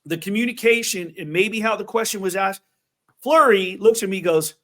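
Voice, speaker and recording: A man hosting an interview, telling stories in an animated way with quick asides. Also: sits high. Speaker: host. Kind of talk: casual interview chat.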